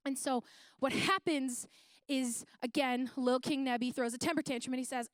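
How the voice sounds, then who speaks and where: A woman's voice: sits high, unhurried, a bit bright, dry recording. A young woman giving a playful, slangy youth sermon, retelling a Bible story in casual terms. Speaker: youth speaker.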